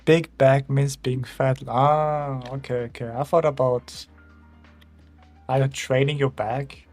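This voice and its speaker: A young Austrian art streamer speaks German-accented English in a medium-pitched, level, slow voice with a darkish tone. He chats casually with viewers while drawing, rambling and chuckling as he reads chat aloud. Soft music plays in the background.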